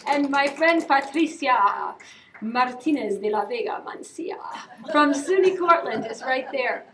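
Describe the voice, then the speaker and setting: A woman's voice: high-pitched, lively intonation, unhurried, fairly bright tone. A woman in her fifties from upstate New York gives a keynote speech in a chatty, joking way, laughing often. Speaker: keynote speaker. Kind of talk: after-dinner keynote speech. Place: conference hall. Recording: distant mic with faint noise.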